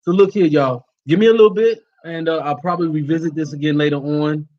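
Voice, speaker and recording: Folksy Vodou priest talking to followers. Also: male voice, on the high side, fast, highs cut off. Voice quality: folksy and plain-spoken, uses y'all. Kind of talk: casual livestream talk to followers.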